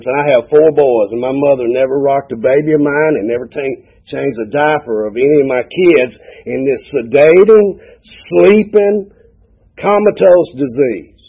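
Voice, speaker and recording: A gravelly, husky-voiced man in his forties with a drawl, telling his recovery story in a folksy, joking way and acting out every bit of dialogue. The sound is dull and lo-fi, like an old tape of a meeting. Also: mid-range voice, moderate pace. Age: 40s. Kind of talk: personal testimony with humor. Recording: dull lo-fi recording.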